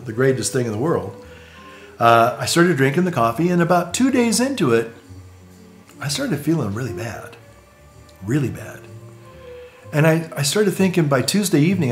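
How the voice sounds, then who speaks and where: A male priest telling a personal story in a casual, rambling way, repeating words and chuckling between phrases. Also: medium pitch.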